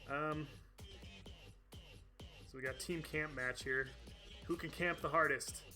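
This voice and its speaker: A man with a bright, slightly high voice hosts a live game stream. He chats casually while playing, laughs often and reads out viewers' names. Faint music plays softly behind him. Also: fairly even intonation, slow. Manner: chatty, laughs often, reads out chat names and thanks donors. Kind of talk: casual live-stream chat over gameplay.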